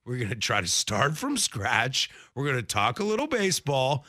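A man's voice: mid-range voice, wildly swooping pitch, normal speed, pushed and bright, no room sound, studio quality. A man co-hosting a sports radio show, bantering playfully and enunciating every consonant theatrically.

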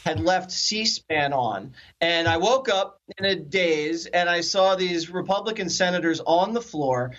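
A man from the Philadelphia area telling stories as a guest in a conversational interview, animated and acting out the quotes. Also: high voice, measured pace, hardly any pauses, muffled recording. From Philadelphia area, USA. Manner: animated storyteller, acts out quotes.

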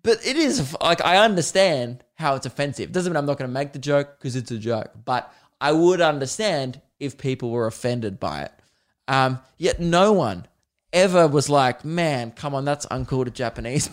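Rambling man, podcast host. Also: fairly high pitch. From Australia. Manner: rambling, swears often, laughs at his own stories. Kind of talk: casual solo podcast chat.

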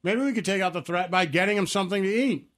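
A man's voice: high-pitched, quick pace, fairly bright tone. A man co-hosting a casual podcast chat, sarcastic and blunt. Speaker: podcast co-host.

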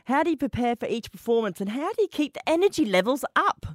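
Podcast co-host, very lively pitch, chatty questions, dry close mic. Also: fast talker, no room sound. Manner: chatty, asks the prepared questions. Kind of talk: casual chat interview.

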